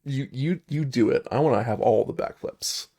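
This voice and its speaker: A man's voice: medium pitch, normal speed, warm tone, lightly acted. A man playing a casual friendly adventurer.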